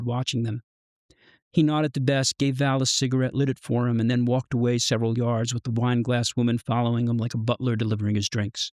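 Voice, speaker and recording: A man reading his own short story aloud in measured, even narration. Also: medium pitch, no room sound, studio quality. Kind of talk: literary fiction reading.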